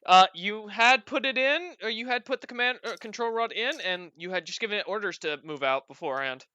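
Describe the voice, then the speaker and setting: A man's voice: high voice, lively intonation, brisk, sharp tone, clean tone, no echo. A man narrating as game master of a tabletop game, bantering playfully with his players. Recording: dull lo-fi recording.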